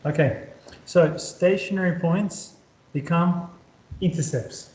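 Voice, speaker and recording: A man's voice: a little high, takes it slowly, darkish tone, echoey room, a little hiss or hum, poor audio. A man teaching a maths lesson at a whiteboard, upbeat, often checking that his students follow. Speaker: maths tutor.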